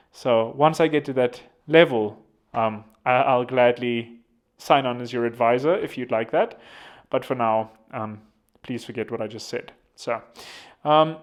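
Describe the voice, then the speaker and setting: A young South African man giving casual political commentary, rambling and poking fun at himself. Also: mid-range voice. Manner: rambling, self-deprecating joking. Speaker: vlogger.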